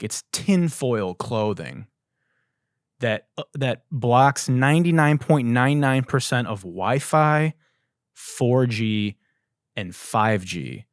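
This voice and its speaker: Brief: male podcast host, profane rambling comic monologue, expressive voice that jumps around. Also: lowish voice, gravelly, no echo, clean studio sound.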